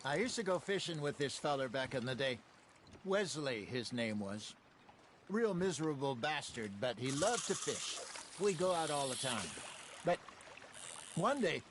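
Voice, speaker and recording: A man's voice: a little high, a little hiss or hum. An actor playing a male outlaw who tells dry, wry fishing stories in a video game. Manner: dry, wry anecdotal delivery.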